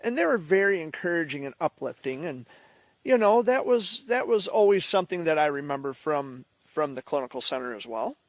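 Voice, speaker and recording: A man's voice: on the high side, lively intonation, a little fast, no echo. A man in a casual, reflective, conversational telling of a childhood memory. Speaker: vlogger. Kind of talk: casual storytelling.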